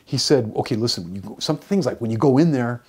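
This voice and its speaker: A middle-aged man, a college teacher, telling stories in a lively, joking lecture, with hammy voiced asides. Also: medium pitch, quick pace, husky. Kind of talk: storytelling lecture.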